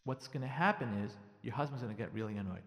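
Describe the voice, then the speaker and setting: A man, a rabbi, giving marriage advice in a radio talk, animated and repeating lines for emphasis while acting out the dialogue he describes. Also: medium pitch, quick pace, gravelly, long reverb tail.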